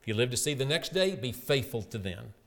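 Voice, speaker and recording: A middle-aged man preaching a sermon with earnest emphasis, rising to loud peaks and dropping to soft, quiet endings. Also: medium pitch, sing-song, fairly quick, vocal fry.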